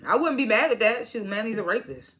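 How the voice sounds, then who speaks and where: A woman's voice: a little high, expressive, brisk, a bit bright. A woman casually recapping a TV episode, retelling scenes by quoting each character in turn and laughing at them. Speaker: TV show reviewer.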